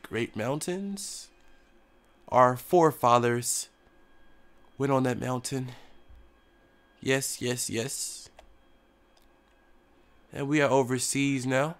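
A man's voice: mid-range voice, clean tone. A young man, sick with a cough, giving casual joking commentary while playing a flight game as a mock tour pilot. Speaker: gaming YouTuber.

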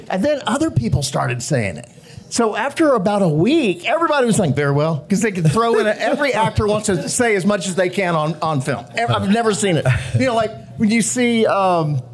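A man, an actor guest, telling stories at a live show, animated, laughing often and acting out what others said. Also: high voice. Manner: animated, laughing, acts out quotes. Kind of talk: live storytelling to an audience. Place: live show venue with audience.

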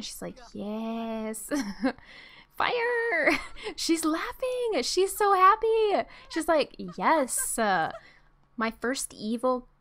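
A woman's voice: on the high side, fairly bright tone. A young woman streamer giving bubbly, giggly let's-play commentary and chatting to her game characters. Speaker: gameplay streamer.

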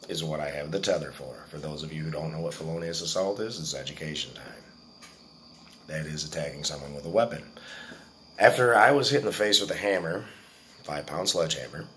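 Forties guy, kinda low voice, cussing and bragging while telling a story to the camera. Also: fairly bright tone, a little hiss or hum. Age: 40s. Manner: profane, boastful storytelling. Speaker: vlogger.

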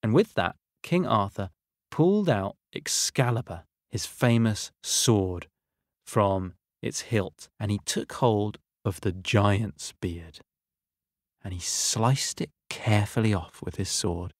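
A man's voice: on the low side, animated, takes it slowly, no room sound, clean studio sound. A man telling a story to children, narrating expressively and speaking to his young listeners.

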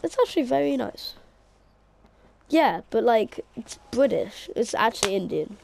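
A woman's voice: fairly high pitch, lively intonation, a little slow, gravelly, a little mellow, a little hiss or hum. Joking woman gamer chatting. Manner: joking, rambling banter. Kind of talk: casual gaming chat.

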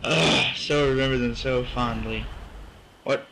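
A young man in his teens giving goofy, excitable let's play commentary, humming along to the game music. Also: mid-range voice, measured pace, gravelly, a little hiss or hum, rough recording. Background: faint game music.

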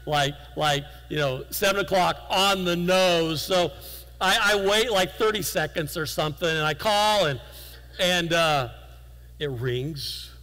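Bright-voiced man preaching in a hall. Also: fairly high pitch, a little slow. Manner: conversational storytelling with self-deprecating humor. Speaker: guest preacher. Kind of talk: sermon. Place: church sanctuary.

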